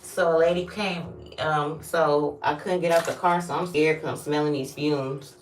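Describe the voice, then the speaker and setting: A woman's voice: low-pitched, fairly even intonation, normal speed, a little hiss or hum. A woman telling a candid, rambling storytime while taking a bath, swearing freely and acting out what people said. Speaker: vlogger. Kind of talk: casual storytime vlog. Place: bathroom, during a bath. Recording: echoey bathroom, mic at a distance.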